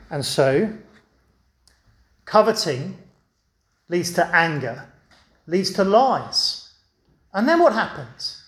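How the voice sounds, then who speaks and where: A man's voice: fairly high pitch, fairly bright tone, reverberant. A man preaching a children's talk, telling a story and asking the audience questions.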